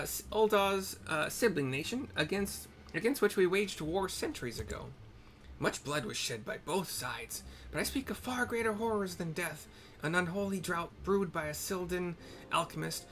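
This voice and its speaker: A man's voice: high-pitched, normal speed, a bit bright, pitched above the performer's own voice. A man voicing a fierce, grieving old woman who presses every point with "eh?" and a turn of speech. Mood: bitter. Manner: accusing, repeats "eh?" to press her point.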